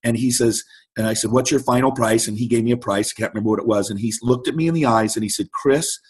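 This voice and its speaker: The man's voice is mid-range with a breathy edge, and he speaks fast. A middle-aged interview guest, he tells a story with animation and acts out each quoted person's voice.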